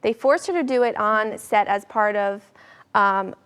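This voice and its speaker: A woman's voice: mid-range voice, a little slow, fairly bright tone, clear, resonant tone. A young woman co-hosting a casual entertainment news chat, conversational and reactive, with fillers. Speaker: co-host.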